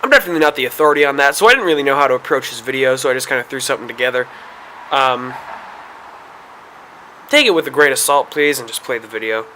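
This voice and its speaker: A man's voice: medium pitch, fast talker, long pauses, sharp tone, slight background noise. A man hosting a video, talking casually to the camera in a hesitant way, with many fillers and restarts. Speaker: video host.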